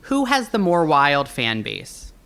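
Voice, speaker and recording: A woman co-hosting an interview podcast, chatty and quick to laugh. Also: deep voice, very animated, fairly bright tone. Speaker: podcast co-host. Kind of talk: casual interview.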